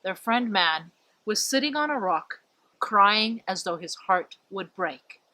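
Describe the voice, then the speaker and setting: A woman telling a folk tale in an expressive, dramatic storytelling manner. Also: medium pitch, slow. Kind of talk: spoken folk tale narration.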